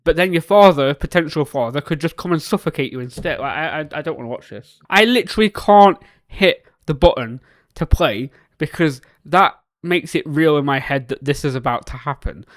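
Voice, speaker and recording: Man reacting to a series, excitable, fairly high voice, dry close sound, shouts and mutters. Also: normal speed, no room sound. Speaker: reaction video host.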